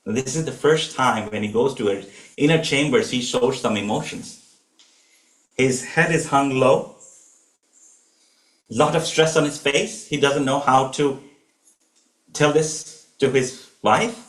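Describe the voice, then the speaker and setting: A man telling a devotional story at a home gathering, animated and using filler words. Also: mid-range voice, slow, pauses often. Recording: echoey room.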